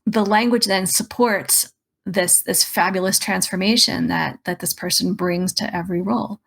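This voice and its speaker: A woman's voice: lowish voice, steady tone, normal speed, gravelly, fairly bright tone, slightly rough. A woman career coach giving emphatic, persuasive advice in a podcast interview. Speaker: career coach and resume writer.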